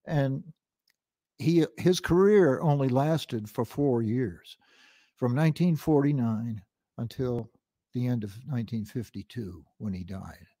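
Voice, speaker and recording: An older singer-songwriter reminiscing about his early days, reflective and halting, often restarting his sentences. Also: mid-range voice, animated, warm tone, dry recording, studio quality. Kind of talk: reminiscing storytelling.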